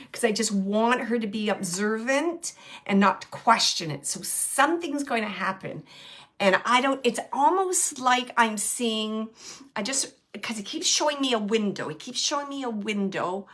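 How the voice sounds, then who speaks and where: A woman's voice: fairly high pitch, lively intonation, moderate pace, a bit bright. A woman hosting a show and giving live mediumship readings. She speaks earnestly and straight to the sitter, often repeating her phrases. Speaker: psychic medium and show host.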